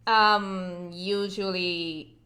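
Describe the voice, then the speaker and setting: A woman's voice: lowish voice, steady tone, drawn-out words, bright, forceful tone. A young woman hosting a casual livestream, chatting about her animation work in a chatty, self-deprecating way. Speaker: streamer and animator.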